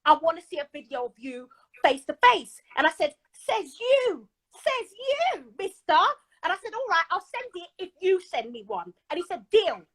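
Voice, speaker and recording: A woman telling a dramatic personal story in an excitable, animated way. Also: sits high, fairly quick, dry recording, poor audio. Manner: excitable, dramatic retelling with voices. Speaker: caller telling her story. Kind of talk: animated storytelling on a live stream.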